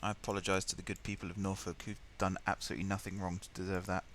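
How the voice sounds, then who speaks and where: A man's voice: deep voice, little pitch movement, very fast, fairly bright tone, a little hiss or hum. A man streaming live, muttering and thinking aloud as he plays, and easily exasperated. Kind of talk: live gameplay commentary.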